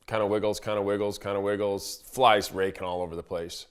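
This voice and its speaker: A man's voice: on the low side, fairly even intonation, fairly quick, few pauses, clear, resonant tone. A man working as a fishing guide, telling a story in a laid-back, casual way and chuckling as he goes. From Montana. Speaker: fishing guide giving a fishing report.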